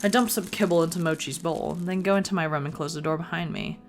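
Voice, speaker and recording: A woman's voice: lowish voice, fairly even intonation, quick pace, faint music behind. A woman reading a visual novel aloud in the first person, with playful asides of her own. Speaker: gaming video creator.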